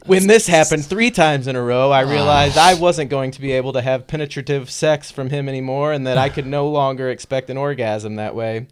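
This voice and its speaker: A man co-hosting a podcast, reading a first-person column aloud with animated, playful delivery. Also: medium pitch, a little fast, few pauses, smooth. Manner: animated dramatic reading, laughing between lines. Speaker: podcast co-host.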